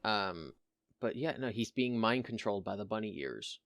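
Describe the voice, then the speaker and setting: A man's voice: lowish voice, sing-song, normal speed, creaky, a bit bright, no room sound, studio quality. A man co-hosting a podcast in casual chat, playful and punning, often laughing at his own jokes. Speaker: podcast co-host.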